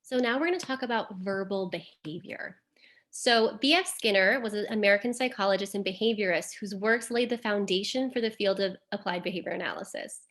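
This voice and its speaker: A woman's voice: medium pitch, fairly quick, a bit bright. Woman explaining behavior analysis in a webinar. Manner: explanatory, uses fillers like "um" and "like". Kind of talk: webinar presentation.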